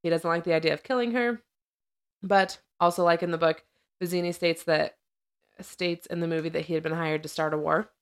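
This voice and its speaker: A woman's voice: on the low side, steady tone, a little fast, clear, resonant tone. A woman co-hosting a podcast, casually recapping a film and sharing trivia with frequent laughs. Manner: chatty, laughs often, retells scenes and trivia. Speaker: podcast co-host.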